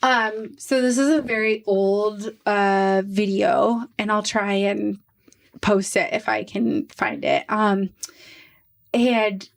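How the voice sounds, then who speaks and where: A woman hosting a podcast, telling a true crime story in a casual, animated way with quick asides. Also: mid-range voice, creaky.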